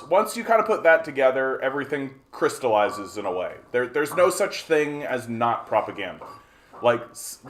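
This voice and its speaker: A man from Canada with a Canadian accent, hosting a political livestream, ranting animatedly and answering viewers' chat with lots of swearing and restarts. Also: mid-range voice. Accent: Canadian English. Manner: animated and profane, frequent restarts and filler; answers chat questions aloud. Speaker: livestream host.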